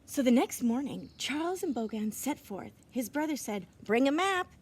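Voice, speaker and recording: A woman reading a children's storybook aloud outdoors, gentle and expressive, sometimes dropping into whispered asides. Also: on the high side, moderate pace, husky. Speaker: reader. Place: outdoors in winter. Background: birds chirping.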